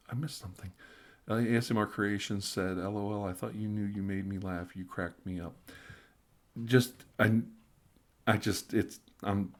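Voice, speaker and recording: A middle-aged man hosting a casual live stream, tipsy and rambling, stammering through restarts and sometimes dropping into soft whispers as he reads viewer comments. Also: fairly low pitch. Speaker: ASMR live stream host.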